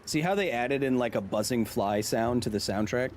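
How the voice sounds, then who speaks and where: A man's voice: mid-range voice, normal speed, darkish tone, slight background noise. A man hosting a live game stream, joking around and chatting with viewers as he plays. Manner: playful, jokey, chatting with viewers. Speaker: gaming streamer and host.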